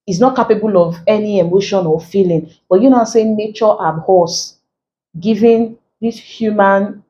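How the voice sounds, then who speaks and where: A woman teacher giving an exam-prep lesson, explaining slowly, repeating key phrases and filling gaps with "like.". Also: mid-range voice, mellow, dull audio, slight background noise. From Nigeria.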